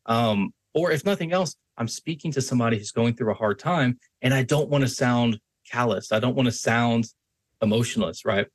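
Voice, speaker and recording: Husky-voiced man giving a casual voice lesson. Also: medium pitch, dry recording. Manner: conversational, varies his tone to demonstrate, frequent restarts and "right?" checks. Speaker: podcast host. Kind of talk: instructional talk on voice and persuasion.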